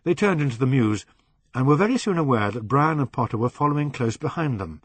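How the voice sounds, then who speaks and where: A man narrating a novel as an audiobook reader, in a measured way that slows on descriptive phrases. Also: mid-range voice, animated, no room sound.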